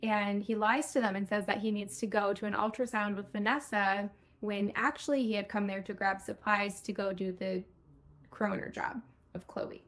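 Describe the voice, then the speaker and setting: A woman's voice: mid-range voice, fairly even intonation, normal speed, a bit bright. A woman co-hosting a podcast, chatting casually as she retells TV scenes. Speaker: podcast co-host. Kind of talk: casual chat recapping a TV episode.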